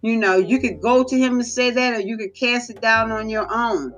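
A woman's voice: on the high side, moderate pace, a bit bright, soft background music. A woman giving a motivational faith talk, exhorting listeners with repeated phrases. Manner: repetitive, exhorting, preacher-like. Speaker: speaker of a faith podcast.

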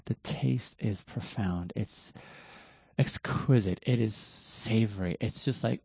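A man hosts a reflective talk in a slow, earnest way, often stopping to restart a thought. His voice is mellow and a little husky. The sound is dry and dull, like a lo-fi recording. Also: on the low side, no echo. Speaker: host of a self-reflection talk.

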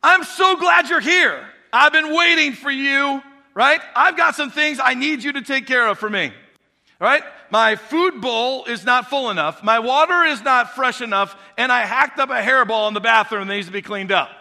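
A spoiled house cat, as a man puts it on, reeling off its demands in a very bright, high, tense voice. The complaints come out entitled and fussy, with a long hall echo around them. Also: normal speed, gravelly, exaggerated voice.

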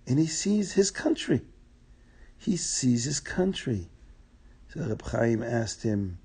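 Brief: male folk-tale teller, dark husky voice. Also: mid-range voice, very animated, measured pace. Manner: plain, repetitive, explaining to listeners. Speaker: storyteller. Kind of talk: oral folk tale storytelling.

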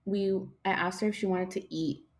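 A woman's voice: medium pitch, fairly even intonation, normal speed. A young woman hosting a casual podcast, rambling, swearing a lot, losing her train of thought and yawning as she talks. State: yawning, tired. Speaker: podcast host.

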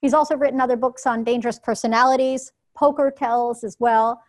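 Higher-voiced woman leading a workshop. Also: steady tone. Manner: clear, instructive, measured. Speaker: workshop presenter. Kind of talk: presentation to a live audience.

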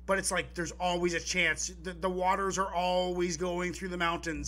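A man co-hosting a live poetry podcast, chatting casually and excitedly, rambling with restarts and the odd curse. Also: sits high, normal speed, hardly any pauses, faint music behind. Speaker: podcast co-host.

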